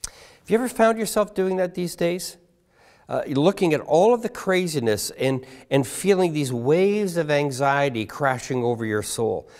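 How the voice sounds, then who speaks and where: A male pastor delivers a sermon to his congregation, his pitch rising and falling in wide, animated swings. He drops his pace to press on key words and keeps asking the listeners questions directly. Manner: emphatic, rhetorical questions to congregation; slows down to stress key words. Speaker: guest pastor.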